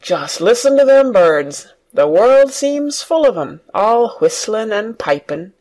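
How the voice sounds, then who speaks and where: Cheerful farm lad talking broad dialect, lively up and down voice, reader doing him. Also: medium pitch, moderate pace. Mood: eager. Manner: broad country dialect, eager. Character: cheerful Yorkshire farm boy, nature-loving. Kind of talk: audiobook reading for learners.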